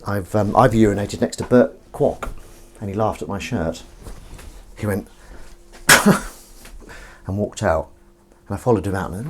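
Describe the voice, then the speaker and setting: A man's voice: on the low side, normal speed, pauses often, background noise. A man hosting a live stream, chatting casually and jokingly with viewers in a rambling, self-deprecating way. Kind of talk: casual chat reading viewer comments.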